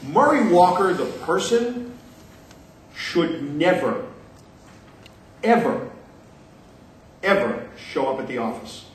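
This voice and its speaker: A man giving an animated conference talk, emphatic and sarcastic, repeating his points for effect. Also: a little high. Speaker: conference speaker. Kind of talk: animated lecture to an audience. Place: conference hall. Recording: echoey room picked up from a distance.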